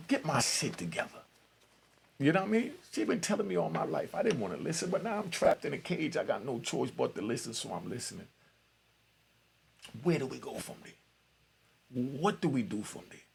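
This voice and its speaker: A man's voice: mid-range voice, gravelly, slight background noise. A middle-aged man, telling a personal story in a streetwise, conversational way with frequent asides to his listeners. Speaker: podcast host. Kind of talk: storytelling monologue.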